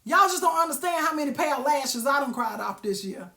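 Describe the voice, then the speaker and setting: A woman's voice: sits high, lively intonation, fairly quick, sharp tone, reverberant. A woman giving a sassy, preachy motivational talk, calling listeners baby and honey. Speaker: motivational vlogger.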